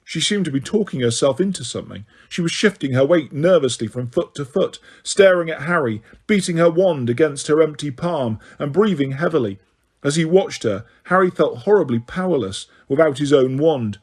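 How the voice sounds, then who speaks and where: Man narrating an audiobook, somewhat high voice. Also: animated, moderate pace, slightly rough.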